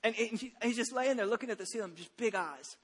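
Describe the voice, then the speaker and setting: A man's voice: high voice, brisk, husky. A man in his thirties preaching a sermon from a church stage, chatty and humorous, telling stories with many restarts. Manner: conversational, humorous storytelling with frequent restarts. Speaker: pastor.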